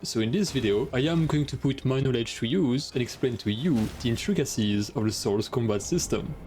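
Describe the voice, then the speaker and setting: A young man with a French accent, narrating a scripted gaming guide in a steady, methodical, explanatory way. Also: medium pitch, fairly quick, a little hiss or hum. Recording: light music behind.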